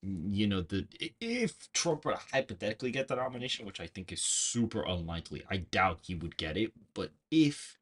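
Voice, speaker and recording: Husky-voiced man telling a rambling story. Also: on the low side, big pitch swings, a little fast, few pauses. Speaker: political show host. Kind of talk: casual livestream chat. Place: bedroom.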